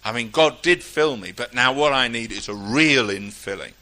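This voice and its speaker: A man preaching a sermon, emphatic and exhorting, swinging between loud declarations and quiet asides. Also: medium pitch, expressive, poor audio. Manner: reads scripture aloud in a ringing, measured cadence.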